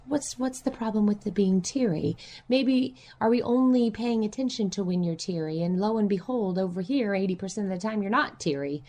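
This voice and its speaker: A woman's voice: mid-range voice, moderate pace. A woman speaking as a counselor guest in an interview, talking reflectively and acting out her clients' voices. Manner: animated, acts out clients' voices.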